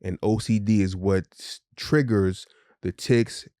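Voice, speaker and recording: Candid father telling a story, low dry voice. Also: fairly even intonation, unhurried, dark tone, smooth, no room sound. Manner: candid, profane, acts out quoted voices. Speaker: podcast co-host. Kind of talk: casual storytelling chat.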